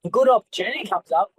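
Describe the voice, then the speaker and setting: A man's voice: high-pitched, breathy edge, no room sound, rough recording. An Australian man, a former fighter, telling stories in an interview in a blunt, rambling and heavily profane way. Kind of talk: casual interview storytelling.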